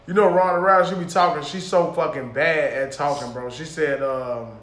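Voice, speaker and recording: A man's voice: a little high, normal speed, fairly bright tone, reverberant. A man co-hosting a podcast in casual chat, rambling and slangy. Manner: rambling, slangy, self-correcting. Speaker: podcast co-host.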